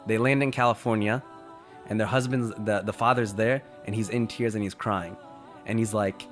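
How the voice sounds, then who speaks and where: A man's voice: on the low side, steady tone, normal speed, soft background music. A man telling a story in a casual, conversational way. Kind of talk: storytelling talk.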